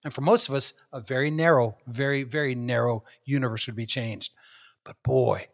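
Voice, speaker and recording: A middle-aged pastor giving an earnest sermon, slowing and softening his voice for meditative phrases. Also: mid-range voice, fairly even intonation, gravelly.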